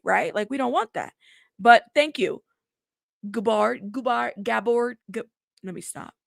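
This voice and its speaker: A woman's voice: fairly high pitch, gravelly, no echo, studio quality. A woman hosting a casual news commentary show, reading headlines aloud and reacting to them in a chatty way.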